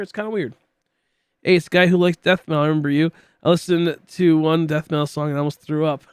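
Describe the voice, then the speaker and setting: While streaming a game, this late-twenties man talks casually in a voice on the high side, wandering through his thoughts with plenty of filler words. A tickly throat makes him cough occasionally, and the audio is dry.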